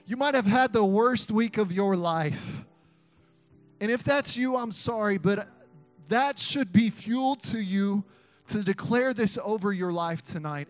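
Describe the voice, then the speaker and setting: A young man preaching an energetic sermon to a youth crowd, chanting call-and-response lines and laughing between points. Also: high voice, no room sound. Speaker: youth pastor.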